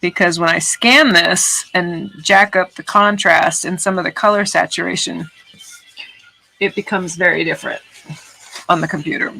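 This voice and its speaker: A woman's voice: on the low side, fairly even intonation, normal speed, creaky, sharp tone, faint music behind, poor audio. A woman artist chatting casually on a livestream while she works, rambling and swearing now and then. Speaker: artist streaming her work. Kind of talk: casual livestream chat while making art.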